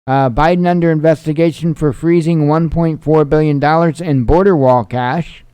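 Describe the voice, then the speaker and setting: A man's voice: on the high side, fairly even intonation, moderate pace, mellow, smooth, no room sound. A winded man hosting a news show, reading headlines aloud and adding dry, sarcastic asides between them.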